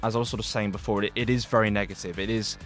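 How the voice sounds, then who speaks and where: A young man reviews a film on the radio in quick, rambling speech. His voice sits slightly low and is full of fillers and false starts. Faint music plays under the studio talk. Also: steady tone, a bit bright. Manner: rambling, heavy with fillers and restarts.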